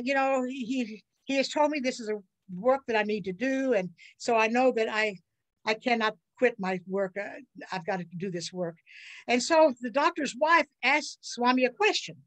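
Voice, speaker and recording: An older woman from the USA, telling personal stories as an interview guest in an earnest, halting way with many restarts. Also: a little high, fairly bright tone, poor audio. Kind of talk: personal storytelling.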